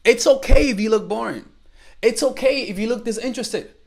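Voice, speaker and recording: A man's voice: very high voice, brisk, vocal fry. A young man coaching women on dating, talking bluntly and with profanity, acting out bits of dialogue. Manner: blunt, profane, animated, acts out quoted dialogue. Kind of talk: direct-to-camera advice talk.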